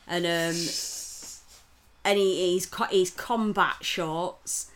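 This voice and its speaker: A woman on a podcast, talking casually and swearing freely. Her voice sits fairly low, and she tells the story with sudden jumps of emphasis. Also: fairly even intonation, takes it slowly. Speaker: podcast co-host. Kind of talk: casual chat, telling a story.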